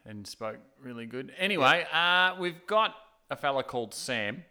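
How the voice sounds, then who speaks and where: A man's voice: mid-range voice, lively intonation, moderate pace, sharp tone. A man co-hosting a podcast in casual, teasing chat. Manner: jokey, teasing. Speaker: podcast co-host.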